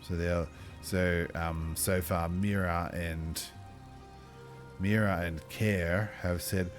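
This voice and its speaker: A man running a tabletop game as game master, chatty and thinking aloud, with lively exclamations. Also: sits low, takes it slowly, soft background music.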